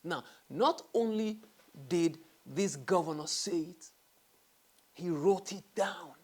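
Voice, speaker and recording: A man's voice: sits high, slow pace, slightly rough. Emphatic man hosting a talk show. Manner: emphatic, repeats key phrases, drops to a whisper for stress. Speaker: host. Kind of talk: earnest talk-show monologue.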